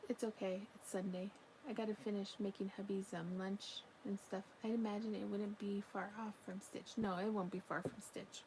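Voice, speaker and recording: Woman, casual live-stream chat, mellow voice, faint background hiss, at home. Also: medium pitch, little pitch movement, moderate pace, low-quality recording. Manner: chatty, yawning, talks to her pet between comments. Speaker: livestream crochet crafter.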